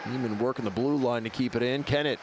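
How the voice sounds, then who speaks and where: A man's voice: medium pitch, steady tone, heavy background noise. Man calling hockey play-by-play. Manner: brisk, clipped play calls. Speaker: play-by-play commentator. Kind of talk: live play-by-play commentary.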